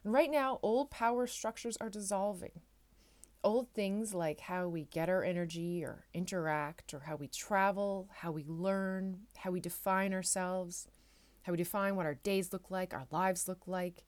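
A woman hosts her own podcast, offering soft, reassuring affirmations that she repeats again and again. Her voice sits somewhat low for a woman. She sounds a little tearful at times, and her heartfelt delivery stays gentle throughout. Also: fairly even intonation, a little slow. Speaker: podcast host. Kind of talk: heartfelt solo podcast talk.

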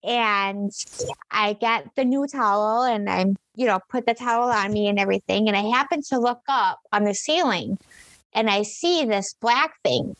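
A woman co-hosting a casual chat, telling a story in a rambling, animated way with many fillers and restarts. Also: medium pitch, normal speed, no echo.

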